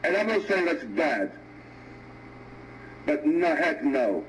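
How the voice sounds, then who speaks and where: A man from Greece arguing in a video debate, speaking haltingly and refusing to swear. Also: on the high side, sing-song, slight background noise, low-quality recording. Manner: hesitant, halting, avoids swearing. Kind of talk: heated argument.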